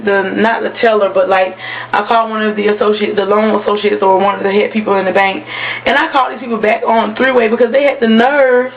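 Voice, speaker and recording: Woman vlogger telling a story, lo-fi. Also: medium pitch. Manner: animated, acts out quoted voices. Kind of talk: casual storytelling to camera. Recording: dull lo-fi webcam audio with faint hiss.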